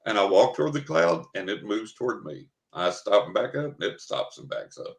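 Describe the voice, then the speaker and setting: Brief: older man from West Texas, very low voice, dramatic interview storyteller, echoey room. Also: very animated, normal speed, creaky, hardly any pauses. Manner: vivid, dramatic storyteller who acts out his own thoughts. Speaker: guest. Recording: roomy, echoey recording.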